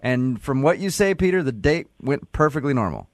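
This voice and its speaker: A man's voice: medium pitch, big pitch swings, moderate pace, dry recording. A man hosting a morning radio show, joking and teasing his callers.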